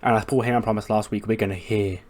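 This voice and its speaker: A man giving loose, casual game narration at a middling pitch. He swears freely and chuckles between calls. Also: fairly even intonation, fast, darkish tone. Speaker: gaming YouTuber. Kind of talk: casual let's-play narration.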